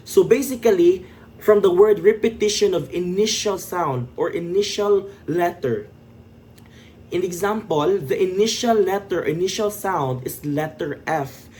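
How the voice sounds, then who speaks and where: A young man presents a class lesson in a slightly high voice, switching between English and Cebuano as he explains. A faint hiss sits behind him. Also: animated, a little slow, darkish tone. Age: young adult. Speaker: student presenter.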